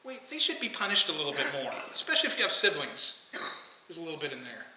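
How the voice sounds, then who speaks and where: A man's voice: on the high side, wildly swooping pitch, quick pace, sharp tone. A man preaching a conversational sermon, often asking the congregation questions. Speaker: pastor. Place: church sanctuary. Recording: echoey church hall, faint ambience.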